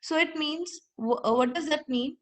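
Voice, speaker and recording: A woman's voice: sits high, normal speed, a bit bright, low-quality recording. A woman with an Indian English accent, teaching a literature lesson. She reads passages aloud, then restates them in her own words and asks rhetorical questions. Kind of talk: explanatory lecture.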